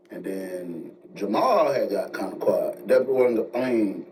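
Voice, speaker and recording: Slangy male storyteller, distant mic. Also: fairly low pitch. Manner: animated, slangy, fast asides. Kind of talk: casual storytelling. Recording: distant mic with faint noise.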